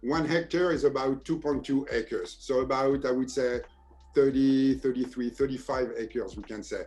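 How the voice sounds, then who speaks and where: A man's voice: mid-range voice, steady tone, moderate pace, darkish tone, soft background music. A man with a French accent, a wine merchant guest, giving facts hesitantly with many fillers. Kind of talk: casual chat on a video tasting.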